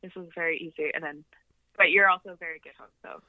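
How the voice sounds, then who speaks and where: A woman's voice: fairly low pitch, fairly even intonation, quick pace, no room sound, phone-quality sound. A woman guest on a podcast chatting casually, giggly and easygoing. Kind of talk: casual interview chat.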